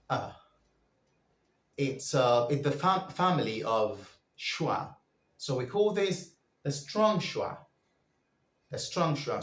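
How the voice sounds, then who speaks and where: Slow, lively-voiced pronunciation teacher man. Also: medium pitch, roomy sound. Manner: drills sounds for listeners to repeat.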